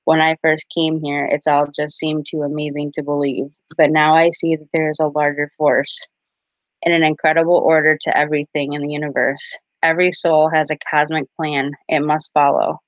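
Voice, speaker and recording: A woman relaying a calm spirit's message. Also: sits low, no room sound, dull audio, natural voice. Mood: reassuring. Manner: slow, soothing and measured. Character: calm male spirit giving gentle reassurance.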